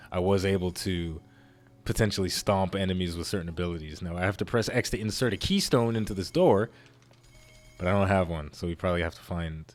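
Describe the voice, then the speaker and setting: A low-voiced man narrating his own playthrough in a loose, rambling way. He gets excited at sudden moments and restarts his sentences often. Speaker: let's play host. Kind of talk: casual gameplay commentary.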